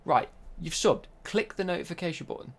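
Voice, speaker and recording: A man's voice: fairly high pitch, lively intonation, fairly quick, vocal fry. A young man chatting casually on a live stream while he plays, bantering and answering his chat.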